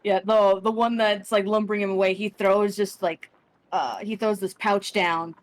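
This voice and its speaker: A woman's voice: medium pitch, fairly even intonation, normal speed. A young adult woman narrating a tabletop game as game master, rambling with lots of restarts and fillers. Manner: rambling, full of likes and restarts.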